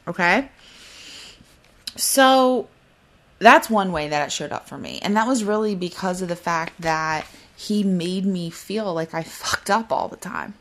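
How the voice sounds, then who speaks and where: Fast-talking woman hosting a solo podcast. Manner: fast, excitable talker who slows herself down; mimics flustered apologies in a high voice. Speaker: podcast host. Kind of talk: casual solo podcast talk.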